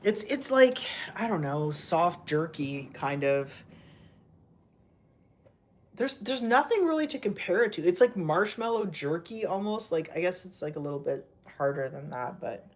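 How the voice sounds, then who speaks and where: A woman's voice: fairly low pitch, expressive, measured pace. Chatty woman cooing at her cats. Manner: chatty, laughs often, coos baby-talk at her cats. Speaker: livestream host with pet cats. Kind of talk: casual livestream chat.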